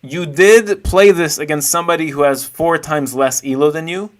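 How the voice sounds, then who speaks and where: A man's voice: fairly high pitch, normal speed. A man streaming live, chatting casually and playfully with his viewers while he rates chess games. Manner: chatty, playful, thinks aloud while searching.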